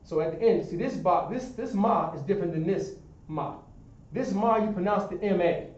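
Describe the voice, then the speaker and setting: A man's voice: high-pitched, moderate pace, darkish tone. A man teaching a Hebrew class at a board, explaining step by step and checking that students understand. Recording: echoey room, distant dull sound.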